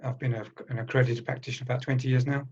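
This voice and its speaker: A man's voice: medium pitch, little pitch movement, racing, darkish tone, slightly rough, highs cut off. A British man and trainer telling a story in a group video call, hesitant with many restarts. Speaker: workshop participant, trainer and coach. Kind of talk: casual group discussion.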